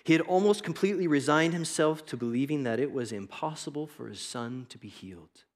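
A man's voice: a little high, expressive, fairly quick. A man giving a devotional Bible teaching in an earnest, reflective and conversational way. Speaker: preacher.

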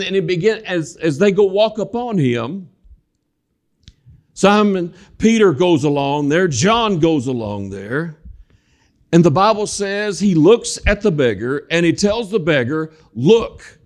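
A man preaching a sermon in a church, walking about as he talks, folksy and repetitive, calling the congregation "folks". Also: fairly high pitch. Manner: folksy, repeats words, addresses congregation as folks. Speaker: guest preacher. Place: church sanctuary. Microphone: walking while preaching, moving around the mic.

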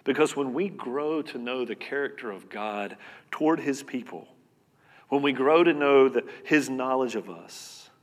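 A man preaching a sermon as pastor, earnest and conversational, repeating words and swinging between loud and soft. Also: mid-range voice, measured pace. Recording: long reverb of a hall.

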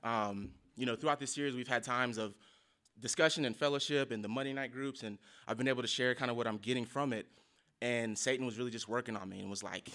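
A church member shares a casual personal testimony and reflection with a church group. His mid-range voice has a fairly bright tone, and he speaks earnestly but haltingly, full of fillers and restarts.

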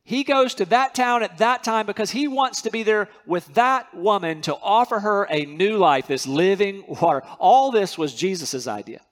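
A man's voice: sits high, animated, normal speed, hardly any pauses. A man preaching a sermon as pastor, earnest and emphatic, repeating key words to drive them home.

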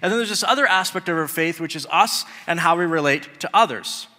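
A man's voice: fairly high pitch, brisk, bright, forceful tone, big-room sound. A man preaching a sermon in a conversational way, asking the congregation rhetorical questions. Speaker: pastor.

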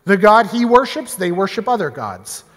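Man, Bible teaching, animated and chatty, long echoing reverb. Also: sits high, normal speed. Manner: animated, conversational, with small restarts.

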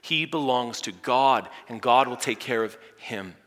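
A male pastor delivers a dramatic sermon in a bright, forceful voice of middle pitch. He drops to near-whispers and then surges to emphatic peaks. His words ring out with a long reverb through a large church hall. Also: measured pace. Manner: dramatic, swinging from hushed near-whispers to loud emphatic lines.

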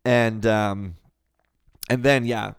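A man co-hosting a podcast, talking through a Bible passage in a relaxed way and thinking aloud with frequent fillers. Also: fairly low pitch, extremely slow, clear, resonant tone, no echo, studio quality. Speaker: podcast co-host. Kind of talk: casual Bible discussion.

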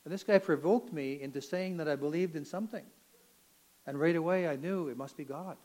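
A man's voice: on the high side, a little fast, low-quality recording. Earnest older man telling his testimony. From Canada. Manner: earnest, emotional storytelling, rising to near shouts at dramatic moments. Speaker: testimony speaker. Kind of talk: personal testimony.

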